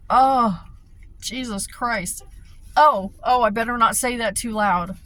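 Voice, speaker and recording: Woman ranting to camera, bright, slow drawn-out talk, lots of laughing and swearing. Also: fairly high pitch. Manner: swears freely, laughs often, repeats herself. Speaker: vlogger. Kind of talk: casual rant to camera.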